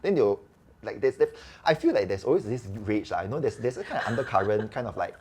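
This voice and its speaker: Medium-pitched and breathy, this man speaks quickly with a Singaporean English accent. He's a doctor guest on a casual podcast, telling stories in a chatty, animated way and acting out quoted lines.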